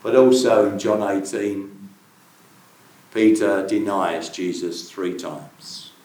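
Slow earnest preacher in an echoey room. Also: male voice, lowish voice, steady tone, darkish tone. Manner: earnest, poses searching questions to listeners. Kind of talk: sermon. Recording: very echoey room, voice from far off the mic.

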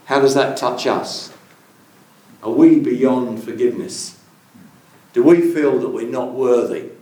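Slow earnest preacher in an echoey room. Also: male voice, mid-range voice, mellow. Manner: earnest, poses searching questions to listeners. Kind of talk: sermon. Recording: very echoey room, voice from far off the mic.

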